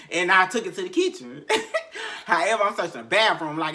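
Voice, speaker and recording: Bright-voiced man telling a raw story. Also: sits high, expressive, brisk. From Memphis, Tennessee. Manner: profane, repetitive, heavy sighs, emotional recounting. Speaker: podcast host. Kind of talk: candid storytelling monologue.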